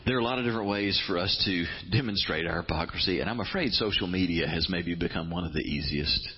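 A man's voice: low voice, fast, breathy edge, highs cut off. A man preaching a sermon as a pastor, quoting scripture dramatically and building intensity as he talks.

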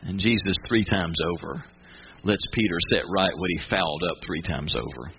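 A man's voice: sits low, moderate pace, highs cut off, a little hiss or hum. A man preaching a sermon in a conversational way, asking the listeners questions. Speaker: pastor.

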